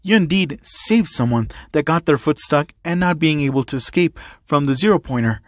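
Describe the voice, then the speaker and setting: A patient, fatherly school principal, read aloud by a man, calm and measured with a hint of weary exasperation. The voice is fairly high for a man, recorded dry and close. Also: no echo, natural voice.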